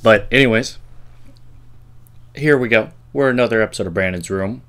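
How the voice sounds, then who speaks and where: A young man with a lowish voice rambles through a casual vlog monologue. He drifts between thoughts and jokes with himself as he goes. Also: normal speed, fairly bright tone, clean tone. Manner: rambling, self-talking, jokey. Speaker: vlog host.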